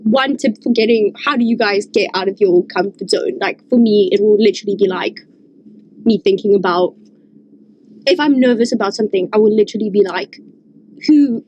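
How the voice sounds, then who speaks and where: A woman's voice: mid-range voice, a little fast, a little mellow, highs cut off, slight background noise. A young woman from Africa, chatting and asking questions in a casual podcast, bubbly and full of "like" fillers. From South Africa. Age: young adult. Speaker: student union leader asking the questions.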